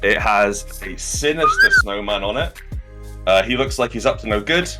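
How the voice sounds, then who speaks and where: Bright, animated man running a tabletop game, self-mocking and jokey over a video call. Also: mid-range voice, moderate pace, soft background music. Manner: playful, self-mocking banter with sudden loud outbursts. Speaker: game master and game writer. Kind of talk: joking stream introduction.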